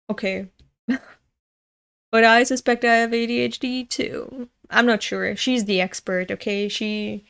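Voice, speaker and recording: Slow-talking woman rambling casually. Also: a little high, gravelly. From Europe. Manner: rambling, off on tangents, swears freely, talks to chat. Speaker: manga reader and channel host. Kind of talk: casual read-along chat.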